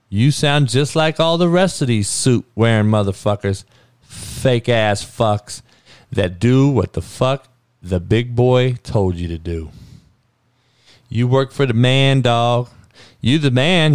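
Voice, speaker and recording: A man's voice: medium pitch, clean tone, dry recording, studio quality. Profane ranting male podcast host. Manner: profane, heated, emphatic. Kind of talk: solo ranting commentary.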